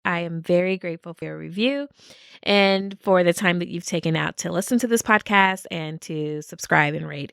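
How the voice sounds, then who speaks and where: A woman's voice: mid-range voice, a bit bright, clear, resonant tone, no room sound, studio quality. A woman hosting a solo podcast, talking in an upbeat way and laughing often. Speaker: podcast host.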